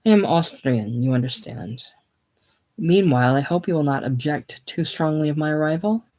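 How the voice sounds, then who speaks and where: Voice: mid-range voice, normal speed, warm tone, close to an everyday voice. A reader voicing Gus, an earnest, apologetic Austrian mechanic with a slight German accent, polite and eager to be welcomed. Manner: polite, eager, self-effacing.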